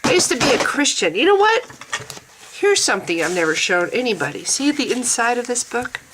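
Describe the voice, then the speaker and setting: A woman's voice: fairly high pitch, sing-song, a little fast, noisy background. A middle-aged woman talking bluntly and profanely in a casual vlog monologue, laughing often. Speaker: vlogger.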